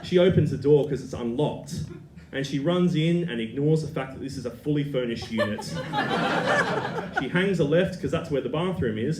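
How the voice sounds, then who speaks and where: A man in his thirties telling a comic personal anecdote, animated and often laughing. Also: fairly high pitch. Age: 30s. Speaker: storyteller. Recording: echoey room, loud background noise.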